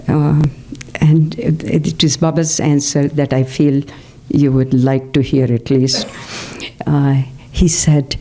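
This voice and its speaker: An older woman tells personal stories to a spiritual group in a community hall, often pausing with fillers and checking in with "okay?". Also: low-pitched, level tone, warm tone. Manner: anecdotal, frequent fillers and "okay?" check-ins. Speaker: devotional speaker.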